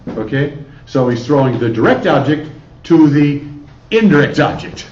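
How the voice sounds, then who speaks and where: A man's voice: a little high, big pitch swings, moderate pace, a little mellow. Male Spanish teacher, quizzing style, muffled lo-fi classroom recording from afar. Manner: questioning, coaxing students with repeated prompts. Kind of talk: classroom lesson. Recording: echoey room, distant lo-fi camera audio.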